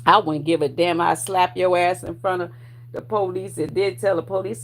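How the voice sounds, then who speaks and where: A woman in her forties ranting at her online viewers, profane and confrontational, with loud bursts of laughter. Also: on the low side, steady tone, moderate pace. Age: 40s. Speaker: vlogger.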